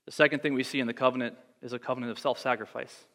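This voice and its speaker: A man preaching a sermon in a church, reading scripture aloud and breaking off into wry, animated asides. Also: medium pitch, racing, in a large hall. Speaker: pastor.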